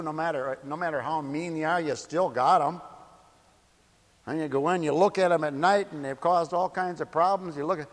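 Folksy preacher, man, high voice, hall reverb, swings soft to loud. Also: brisk. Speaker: pastor. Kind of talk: sermon.

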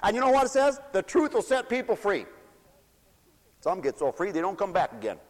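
A man preaching a fiery, folksy sermon. He swoops between loud declarations and mocking asides. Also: sits high, big pitch swings, fairly quick. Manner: folksy, shouting and swooping, mocks voices. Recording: long hall reverb.

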